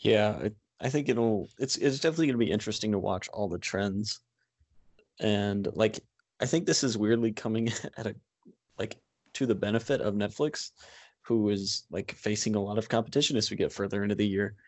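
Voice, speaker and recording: A man's voice: lowish voice, a little fast, dry recording. A man co-hosting a podcast in casual chat, loose and chatty and full of asides. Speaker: podcast co-host.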